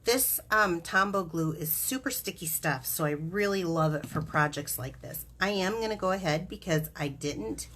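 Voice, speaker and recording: A woman's voice: fairly low pitch, animated, moderate pace, few pauses, a bit bright, a little hiss or hum. A woman hosting a live craft demonstration, chatty and giggly, explaining each step as she works.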